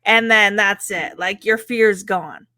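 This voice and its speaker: A woman co-hosting a podcast, telling animated stories in casual chat and laughing often. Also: mid-range voice, takes it slowly, no echo. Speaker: podcast co-host.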